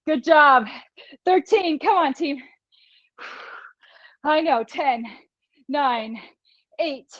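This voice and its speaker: In a small studio room, a woman with a high voice teaches an online fitness class at an easygoing pace, laughing readily as she encourages everyone and counts down reps. Her delivery is very slow, broken by long pauses. There's no room sound, and the dry, somewhat muffled audio resembles a streamed call.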